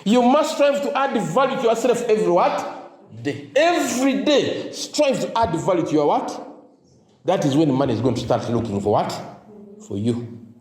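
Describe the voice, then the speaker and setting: A high-pitched man gives a motivational talk to teachers, his voice swinging up and down a lot. He leaves his sentences hanging with "what?" so the listeners can fill in the word, and now and then he drops into Luganda. He was recorded in an echoey room. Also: sing-song, normal speed, a little mellow. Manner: call-and-response, asks "what?" for the crowd to fill in; mixes in Luganda phrases. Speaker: motivational speaker.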